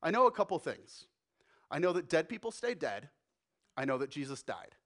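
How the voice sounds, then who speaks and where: A man voicing a cautious, practical male apostle who talks quietly and hesitantly. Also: a little high, big pitch swings, normal speed. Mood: skeptical.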